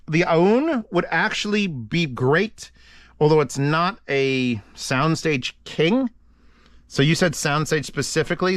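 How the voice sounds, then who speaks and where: A man casually chatting on a livestream, answering audio gear questions in a rambling, profane way. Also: mid-range voice. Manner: profane, rambling, thinking aloud.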